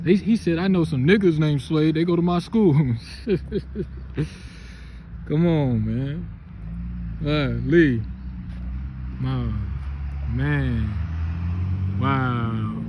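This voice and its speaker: A man, vlogging excitedly and reverently on his family's road, laughing often. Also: a little high, drawn-out words, pauses often, muffled recording, noisy background. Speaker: vlogger visiting family land. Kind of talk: emotional casual vlog narration.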